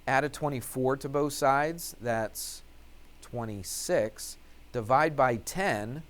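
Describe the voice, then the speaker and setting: Math teacher quizzing an empty room. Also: male voice, mid-range voice, slow, fairly bright tone. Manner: asks questions and answers them himself; talks while writing out steps. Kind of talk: classroom lecture.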